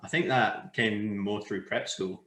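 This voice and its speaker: A man's voice: lowish voice, a little slow, a bit bright, reverberant. A Scottish man in his twenties, a cricketer guest, speaking candidly with a wry touch. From Scotland. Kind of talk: casual interview chat.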